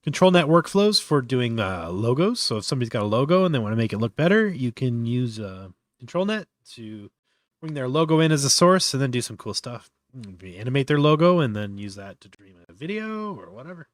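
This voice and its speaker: Man, stream host, casual tutorial talk, lots of ums and uhs, yawny, mid-pitched, dry close sound. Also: very animated, a little fast, no echo. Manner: thinking aloud with many fillers and trailing restarts. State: yawning often.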